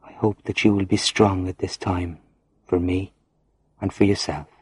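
A man's voice: sits low, little pitch movement, measured pace, slight background noise. A man reading a farewell letter as a condemned male prisoner, grave and resigned.

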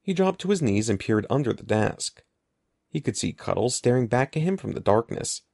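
A man narrating an audiobook in an expressive, lively storytelling manner. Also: medium pitch, normal speed, creaky, no room sound, studio quality. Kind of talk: scripted narration.

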